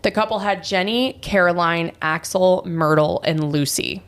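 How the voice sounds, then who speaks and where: Woman, thirties, podcast host, lower voice, wry, chatty storytelling. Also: measured pace, clean tone. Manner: chatty, wry, laughs at dark details. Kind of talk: casual true crime storytelling.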